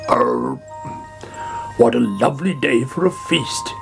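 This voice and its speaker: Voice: mid-range voice, animated, takes it slowly, creaky. Brief: narrator playing a fat, greedy storybook toad, grumbly and puffing, music bed underneath. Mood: grumbling.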